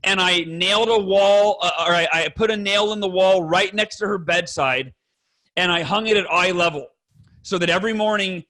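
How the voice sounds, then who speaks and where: A man appears as a guest in a candid podcast conversation, talking bluntly with fellow fathers and swearing now and then. He is earnest and emphatic, with a high-pitched voice and a sharp tone. The recording is rough.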